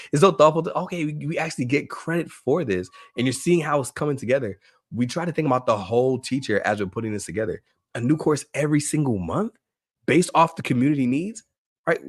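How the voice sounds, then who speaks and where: A man's voice: mid-range voice, no room sound, clean studio sound. A man leading a live online teacher workshop, upbeat and eager, often repeating himself and asking the audience rhetorical questions. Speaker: education workshop presenter.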